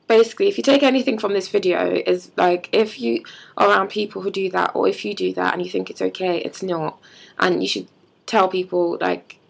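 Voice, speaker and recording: Young woman, heavy vocal fry, breathy husky tone, heated casual vlog rant. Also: mid-range voice. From London. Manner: heated, frequent "like" fillers. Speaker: vlogger.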